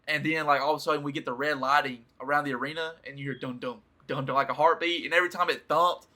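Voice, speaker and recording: Bright, laid-back podcast host man. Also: on the high side, fairly even intonation, fast. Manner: laid-back, laughing, acts out quotes. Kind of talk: casual chat.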